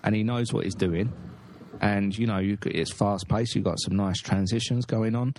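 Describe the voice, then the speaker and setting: A male podcast host rambles bluntly through a film rant, swearing freely. His voice sits a little low for a man, in loose, casual talk. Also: moderate pace. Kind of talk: casual chat.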